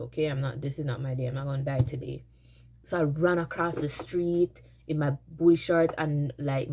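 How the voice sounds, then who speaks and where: A woman's voice: deep voice, warm tone. A woman telling a casual storytime to her viewers, dramatic and rambling, restarting her sentences often. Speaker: vlogger. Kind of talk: storytime vlog, casual retelling.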